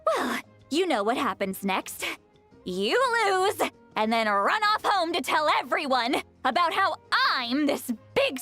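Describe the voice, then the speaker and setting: A woman's voice: extremely high pitch, bright, forceful tone, exaggerated voice. Citlali, a drunk grumpy shaman granny. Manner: gruff, slurring, self-pitying rants. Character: tipsy, grumpy ageless female shaman granny.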